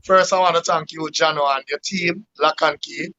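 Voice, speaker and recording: Male guest artist, thankful and rambling, slightly high pitch, lo-fi audio. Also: fairly even intonation, normal speed, bright, forceful tone, a little hiss or hum. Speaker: guest musician. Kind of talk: interview answers. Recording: dull lo-fi sound.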